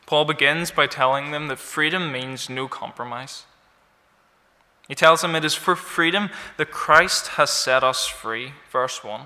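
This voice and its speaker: Man, preacher, sermon, very bright tense tone, emphatic rises, long church reverb. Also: on the high side, measured pace. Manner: animated, rising in emphasis on key words; light self-deprecating humor.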